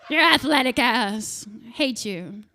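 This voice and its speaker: Woman in her thirties, stand-up comic, crowd work, profane and animated, bright edge. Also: fairly high pitch, slow. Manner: profane, animated, bursts into shouting. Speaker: stand-up comedian.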